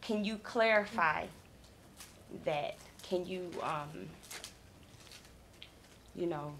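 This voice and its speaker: Woman w a lowish voice, hesitant, lots of um and you know, faint hiss behind. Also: extremely slow, fairly bright tone. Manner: hesitant, many fillers. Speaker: discussion participant. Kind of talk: casual discussion.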